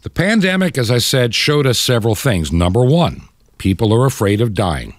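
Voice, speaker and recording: An older American man hosts Christian talk radio, his medium-pitched voice very animated at a normal pace. He delivers impassioned, preachy commentary and mocks opponents by imitating them in quoted voices. The recording is dry and studio quality.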